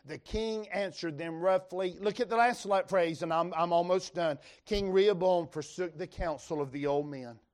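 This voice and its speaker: A man's voice: high voice, moderate pace, few pauses, a little mellow. A man with a Western North Carolina accent preaching a sermon in a folksy, emphatic way, reading scripture aloud to the congregation. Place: church revival service.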